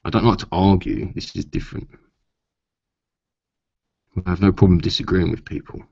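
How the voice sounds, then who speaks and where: Man, very low gravelly voice, rambling vlog chat, dull lo-fi sound. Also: fairly even intonation, moderate pace, a little mellow, dry recording. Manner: rambling, frequent "uh" and asides, swears when riled. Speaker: vlogger. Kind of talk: casual chat to camera.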